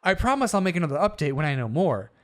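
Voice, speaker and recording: A man co-hosting a comedy podcast, chatting casually and reading posts aloud in an animated, jokey way. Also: a little high, quick pace. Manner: animated, jokey, slips into silly voices. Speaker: podcast co-host.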